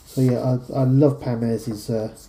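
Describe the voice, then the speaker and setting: A man with a London accent hosting a podcast, chatting in a relaxed, rambling way between readings. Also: medium pitch, a little slow. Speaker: podcast host. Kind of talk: casual podcast chat and poem reading. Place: studio.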